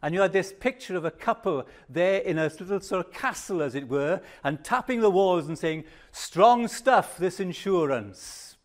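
An older man preaching a sermon, measured and emphatic, dropping to a hush on reflective pauses. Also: sits high.

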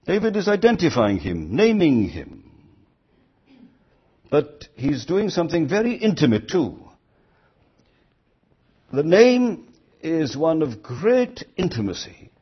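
A man's voice: a little high, huge pitch swings, takes it slowly, long pauses, slightly rough, lo-fi sound. An older man preaching a sermon, earnest, rising to emphatic quoted lines.

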